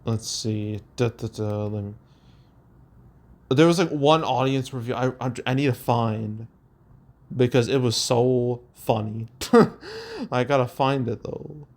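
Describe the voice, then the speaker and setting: Young man, casual host, mid-pitched voice, rambling, chuckles, filler words. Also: sing-song, takes it slowly, pauses often. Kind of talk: casual commentary reading reviews.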